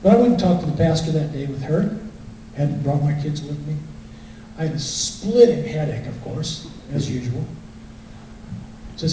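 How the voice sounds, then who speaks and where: A man's voice: a little high, lively intonation, normal speed, mellow. A middle-aged man gives a conversational personal testimony to a congregation, telling his story in plain talk. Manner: conversational storytelling, acting out quotes. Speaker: guest speaker. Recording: echoey hall from far off, faint noise.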